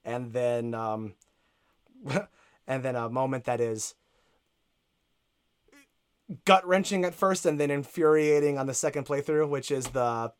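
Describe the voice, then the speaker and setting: A man's voice: medium pitch, normal speed, smooth. A man in casual conversation about a video game, rambling with lots of fillers and asides.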